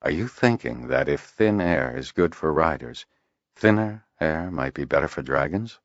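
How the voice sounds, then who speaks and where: A man's voice: a bass voice, lively intonation, normal speed, creaky, dry recording, highs cut off, full character voice. A male audiobook reader voicing a weary, dry-humored healer who speaks tersely and matter-of-factly. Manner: tired, terse, matter-of-fact. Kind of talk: audiobook character voice.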